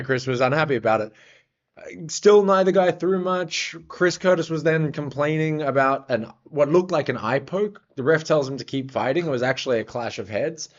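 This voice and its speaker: Profane casual man recapping fights. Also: on the high side. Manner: blunt, profane, rambling with many fillers. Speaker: MMA fight recap host. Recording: slightly dull lo-fi audio.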